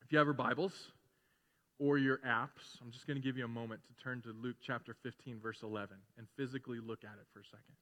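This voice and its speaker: Bright-voiced preacher man in a reverberant church. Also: mid-range voice, fairly even intonation, quick pace. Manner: conversational preaching, swelling to loud emphatic repetition. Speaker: pastor. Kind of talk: sermon. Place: church sanctuary. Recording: long hall reverb in a church.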